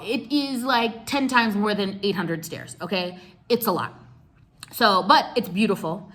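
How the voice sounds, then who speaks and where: Chatty, bright-voiced woman vlogger. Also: medium pitch. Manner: chatty, animated, slangy, addresses viewers as y'all. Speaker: travel vlogger. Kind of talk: casual storytelling vlog.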